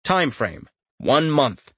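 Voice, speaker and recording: A man reading a fantasy audiobook aloud in a steady storytelling voice, lifting his pitch for dramatic lines. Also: slow, breathy edge, no room sound. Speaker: audiobook narrator. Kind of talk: scripted fantasy audiobook narration.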